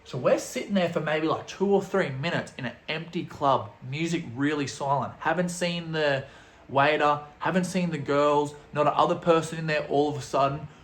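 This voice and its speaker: A young man telling an animated, slangy story full of swearing, as a vlogger. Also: a little high, normal speed, roomy sound. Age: young adult. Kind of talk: storytelling vlog.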